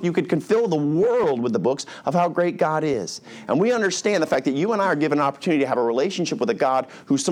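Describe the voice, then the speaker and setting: A man's voice: on the high side, darkish tone. A middle-aged man preaching a verse-by-verse sermon as pastor, talking in a casual, conversational way and briefly acting out the voices of the people he describes. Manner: conversational, acts out characters' lines. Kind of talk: expository sermon.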